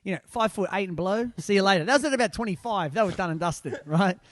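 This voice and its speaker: A middle-aged man telling a dramatic anecdote in a lively, theatrical way, jumping up in pitch to act out the people in it. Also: fast, long reverb tail. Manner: dramatic storyteller, acts out quoted people with big pitch jumps. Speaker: storyteller guest.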